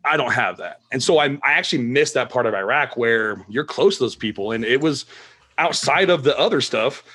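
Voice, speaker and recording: A man's voice: medium pitch, expressive, fairly quick, pushed and bright. A man who drives a delivery truck, chatting casually as a podcast guest and telling stories in a laid-back way with lots of fillers. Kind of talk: casual chat.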